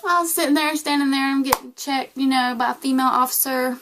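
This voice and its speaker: A young American vlogger with a Southern accent casually tells a story to the camera, animatedly acting out the voices of the people in it. Her voice sits high and she talks fast, with background noise present.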